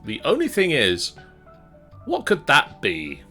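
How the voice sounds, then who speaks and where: A man narrating as game master of a tabletop role-playing game, wry and deadpan. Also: medium pitch, slow, breathy edge, soft background music.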